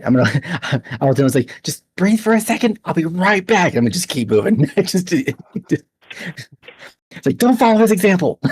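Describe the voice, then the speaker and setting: A man playing a tabletop role-playing game, chatty and laughing often, lifting his pitch when he speaks in character. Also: darkish tone, breathy edge, no echo. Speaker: player.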